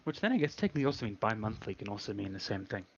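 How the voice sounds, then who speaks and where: A young man with a fairly low voice talks his thoughts through in a rambling podcast chat, full of "like" and "I mean". The recording sounds dull and lo-fi. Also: big pitch swings, very fast, slight background noise. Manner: rambling, many fillers, reflective. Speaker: podcast co-host. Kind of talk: casual chat.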